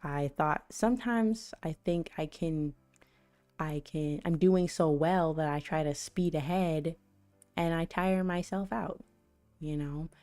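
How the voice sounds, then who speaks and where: A woman with a low, mellow voice rambles through a relaxed faith chat on her stream. She keeps it loose and conversational, with plenty of "you know" and a laugh at her own expense. Soft music plays faintly behind her. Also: takes it slowly. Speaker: channel host. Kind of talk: casual faith reflection on a livestream.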